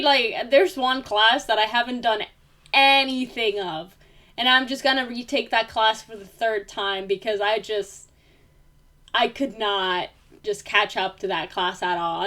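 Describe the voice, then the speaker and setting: A woman's voice: mid-range voice, fairly bright tone. A young woman vlogging in a casual, rambling way, full of fillers, turning heated and emphatic as she vents. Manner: rambling, many fillers, grows heated and emphatic when ranting. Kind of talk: casual venting monologue.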